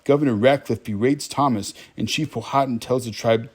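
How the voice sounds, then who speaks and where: A man's voice: mid-range voice, normal speed, darkish tone, breathy edge. A man giving a casual, wry movie recap, chatting directly to his viewers.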